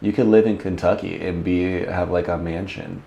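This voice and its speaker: A man's voice: low voice, steady tone, moderate pace, creaky, warm tone, highs cut off. A man hosting an interview, asking questions in a joking, irreverent way and laughing often. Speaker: podcast host. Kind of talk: casual interview chat. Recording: roomy with faint background noise.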